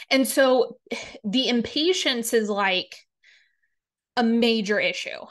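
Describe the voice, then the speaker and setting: A woman's voice: a little high, a bit bright. Blunt, emphatic woman giving a spiritual talk. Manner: blunt and emphatic, swears, repeats words for stress. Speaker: podcast host and reverend.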